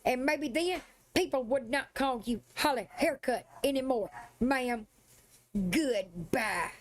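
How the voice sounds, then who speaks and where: High-voiced woman on a profane rant. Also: a little slow. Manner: profane, confrontational, sassy. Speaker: live streamer. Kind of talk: angry livestream rant.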